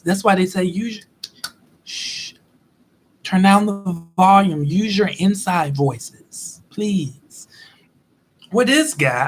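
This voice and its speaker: A man telling a story in a chatty, animated way as a vlog host. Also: high-pitched. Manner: animated, chatty, acts out quotes. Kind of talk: casual storytelling monologue.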